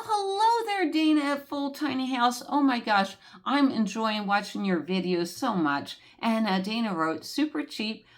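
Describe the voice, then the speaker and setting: An older woman vlogger chatting casually as she reads out viewer comments, rambling with many fillers. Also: mid-range voice. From United States. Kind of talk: casual chat.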